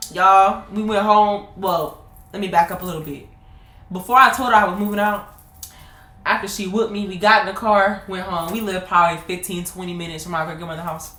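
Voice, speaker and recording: A woman in her twenties telling a personal story to her viewers in a casual, animated way, laughing often. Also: fairly low pitch. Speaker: vlogger. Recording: roomy echo.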